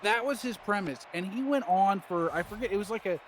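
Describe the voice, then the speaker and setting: High-voiced man rambling through a story. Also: a little fast, slight background noise. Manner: laughing, animated, acts out quotes. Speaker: co-host of a game stream.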